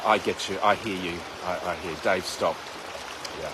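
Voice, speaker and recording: A man's voice: low voice, steady tone, moderate pace, noisy background. A man teaching mindfulness meditation outdoors beside a river, chatting with viewers by name and joking between his guidance. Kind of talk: casual livestream talk and guided meditation. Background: flowing river.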